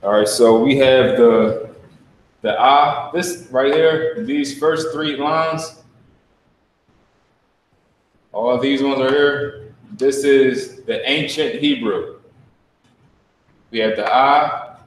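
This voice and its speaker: A man's voice: mid-range voice, slight background noise. Distant echoey man teaching an online class. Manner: casual, repeats sounds slowly with emphasis. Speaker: stand-in language teacher.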